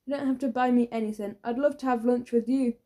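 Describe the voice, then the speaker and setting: A woman voicing a gentle, direct schoolgirl in a children's audiobook. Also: fairly high pitch, fairly even intonation, quick pace, lightly acted. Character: kind, confident schoolgirl.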